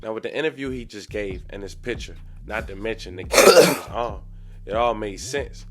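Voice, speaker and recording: Low-voiced man recapping news. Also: normal speed, soft background music. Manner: matter-of-fact summarizing. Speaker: reaction video host.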